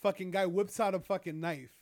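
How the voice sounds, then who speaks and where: A man's voice: high-pitched, fairly even intonation, brisk, darkish tone. A young man casually retelling a story, rambling and profane, with lots of fillers. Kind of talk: casual chat.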